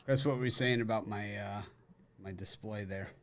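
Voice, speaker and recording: A man's voice: fairly low pitch, fairly even intonation, normal speed. A man hosting a sports betting show, rattling off college matchups and cracking dry jokes between them. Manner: joking, rattles off matchups with wisecracks. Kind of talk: casual sports betting chat.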